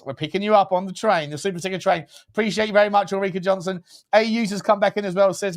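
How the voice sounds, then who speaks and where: A man's voice: sits high, fairly even intonation, fast. A man co-hosting a casual football chat show, telling rambling, chatty stories. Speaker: co-host.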